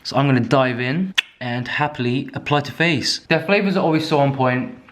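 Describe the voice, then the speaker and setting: A man's voice: mid-range voice, normal speed, a bit bright, a little hiss or hum. Chatty young man vlogging his food. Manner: chatty, enthusiastic, self-mocking. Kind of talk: casual chat to camera.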